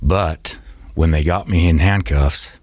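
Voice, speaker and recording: Male podcast guest: very low, husky voice, halting personal storytelling full of restarts, close and dry. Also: dry recording. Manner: halting, repeats and restarts words.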